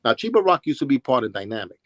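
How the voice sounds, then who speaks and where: A man's voice: mid-range voice, sing-song, quick pace, a bit bright, no room sound. New York man telling stories, dry sound. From Brooklyn, New York. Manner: rambling, with restarts and acted-out quotes. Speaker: interviewee, former b-boy. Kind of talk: casual storytelling interview.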